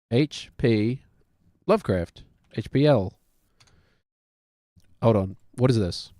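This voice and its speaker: A man's voice: mid-range voice, expressive, takes it slowly, pauses often, dark tone, no room sound, studio quality. A man in his thirties with a New Zealand accent, chatting casually while he plays a game and cracks self-mocking jokes. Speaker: streamer.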